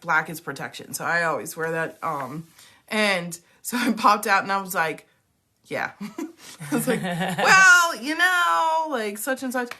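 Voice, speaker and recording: A woman's voice: lowish voice, a little slow, pushed and bright. A woman co-hosting a casual chat, telling a story full of "like" and acted-out quotes. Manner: chatty, many fillers like "like", acts out quotes. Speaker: podcast co-host, medium.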